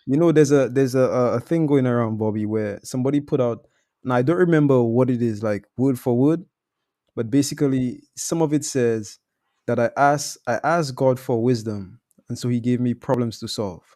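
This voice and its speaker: A man's voice: medium pitch, normal speed, dark tone. A man talking as a sales coach in a casual discussion, laid-back and slangy, explaining with examples.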